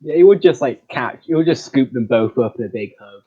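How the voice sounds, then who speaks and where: A man playing a tabletop game, chatting casually in short relaxed replies. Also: mid-range voice, brisk, few pauses, breathy edge, muffled recording. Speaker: player. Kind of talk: casual chat.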